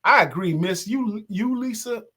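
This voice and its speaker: A man hosting a relaxed online talk show, reading out viewer comments and reacting to them. He tells stories with energy, breaks into snatches of song and laughs easily, and his voice sits somewhat high for a man. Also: measured pace, husky. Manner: animated storyteller, sings snatches of songs and laughs often. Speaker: host. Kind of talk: casual live-stream chat reading comments.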